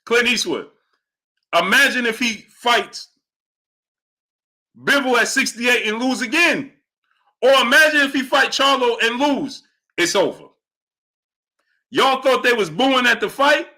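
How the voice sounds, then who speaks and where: A young man with a very high voice hosts a boxing livestream at a measured pace, pausing often. He reads Super Chats from viewers aloud, animated and emphatic, repeating his points for effect.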